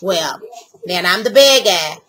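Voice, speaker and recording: A woman's voice: on the low side, takes it slowly, poor audio. An older woman telling a story casually and sassily to camera, acting out what others said. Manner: animated, sassy, acts out quotes. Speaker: vlogger.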